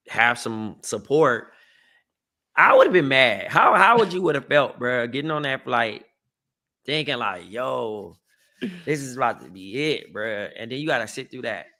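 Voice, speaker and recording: A man's voice: medium pitch, bright, forceful tone. A man co-hosting a podcast in casual sports chat, slangy and exasperated, saying bruh often. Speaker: podcast co-host.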